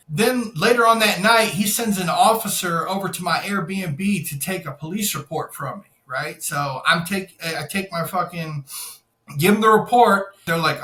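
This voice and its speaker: A man's voice: high-pitched, normal speed, sharp tone, echoey room. A young man casually and profanely telling a wild story as a podcast guest, acting out what each person said. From Florida. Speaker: podcast guest, insurance salesman.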